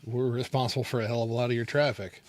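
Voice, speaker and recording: A man playing in a tabletop game, tossing off quick wisecracks in casual banter. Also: mid-range voice, fairly even intonation, a little hiss or hum. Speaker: player.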